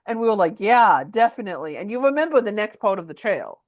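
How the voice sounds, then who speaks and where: A woman hosting a podcast, telling a story in a casual, animated way with lots of filler words. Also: mid-range voice, quick pace. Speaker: podcast host.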